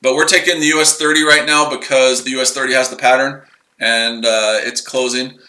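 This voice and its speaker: Medium-pitched and steady but sharp, this man talks briskly, his voice roomy in a low-quality recording. He runs a laid-back trading livestream, wandering and circling back as he walks through his trades.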